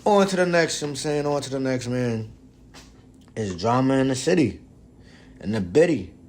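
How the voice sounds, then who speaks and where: Animated young man, casual sports podcast. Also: mid-range voice, moderate pace, a little hiss or hum. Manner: animated, swings from loud pleading to muttering, heavy profanity. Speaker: podcast host.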